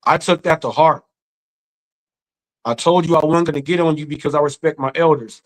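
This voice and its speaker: High-voiced grieving man, halting speech. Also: steady tone, poor audio. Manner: earnest, halting, repeats words. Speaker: live-stream commentary host. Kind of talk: emotional live-stream rant.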